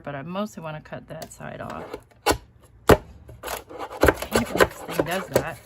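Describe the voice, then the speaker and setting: A woman's voice: deep voice, unhurried, long pauses, very noisy. Chatty woman crafting live. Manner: chatty, self-deprecating, laughs often. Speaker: crafting channel host. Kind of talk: casual live crafting stream.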